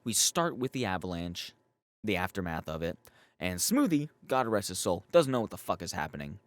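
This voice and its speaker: Low-voiced man in a rambling, swearing recap. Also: big pitch swings, normal speed, dry recording. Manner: profane, rambling, full of "like" fillers. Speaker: YouTube show reviewer. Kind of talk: casual episode recap.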